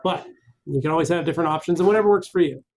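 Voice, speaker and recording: A man on a live question-and-answer stream, reading out viewer comments and answering them in a relaxed, rambling way. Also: a little high, racing.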